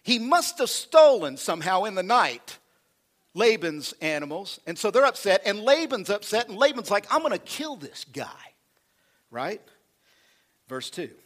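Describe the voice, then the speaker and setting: A man preaching with animated energy, leaning into call-and-response with his congregation. His voice sits a bit high and rises and falls widely as he drives home each point. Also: moderate pace. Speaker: pastor. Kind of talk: sermon.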